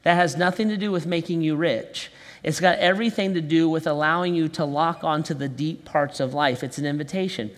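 A fairly high-voiced man preaches a sermon in an easygoing, conversational way, slowing to a crawl on words he wants to land. His voice carries the long reverb of a big church hall. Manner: conversational preaching with quick asides and slow emphatic phrases. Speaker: pastor.

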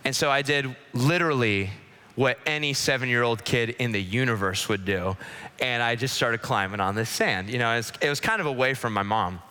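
A man preaches with passion, pressing hard one moment and dropping low and close the next. His voice is bright and forceful, and it rings out through a large hall with a long reverb tail. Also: a little fast, smooth. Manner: passionate, swings from loud pleading to hushed intimacy. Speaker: pastor. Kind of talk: sermon.

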